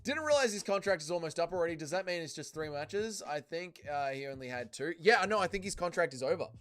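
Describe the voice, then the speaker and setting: A man with a fairly bright, high-side voice hosts a casual livestream, reading viewer comments aloud at a quick pace. He answers them expressively in a loose, profane way.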